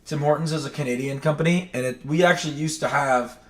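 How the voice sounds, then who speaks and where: Casual New England streamer, rambling and chatty, recorded in a roomy space with the mic set back. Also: male voice, fairly high pitch, fast. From New England, Maine. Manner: rambling, chatty, self-correcting. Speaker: livestream host. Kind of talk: casual chat. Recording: echoey room, distant mic.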